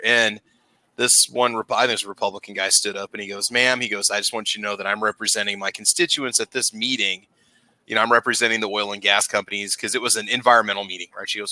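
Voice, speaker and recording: A man's voice: fairly low pitch, steady tone, fast, bright, forceful tone, dry recording. A man on a remote call in a casual podcast chat, retelling a news story and acting out the quotes. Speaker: co-host.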